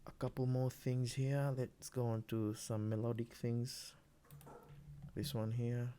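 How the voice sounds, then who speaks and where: A man producing music, walking through his own beat in a relaxed, rambling way, with many fillers and restarts. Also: mid-range voice, slow pace, heavy background noise. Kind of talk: casual screen-recorded tutorial.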